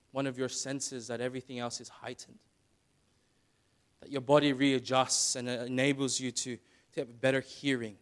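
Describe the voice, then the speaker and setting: A man preaching a sermon, dropping to quiet asides and then building to loud, dramatic retellings. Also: on the high side. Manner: dramatic, swings from soft asides to shouted retellings.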